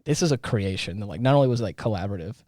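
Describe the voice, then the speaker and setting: A man's voice: lowish voice, lively intonation, very fast, warm tone, no echo, studio quality. A man co-hosting a podcast in casual chat, talking in a rambling way with many restarts. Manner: rambling, lots of fillers and restarts. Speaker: podcast co-host.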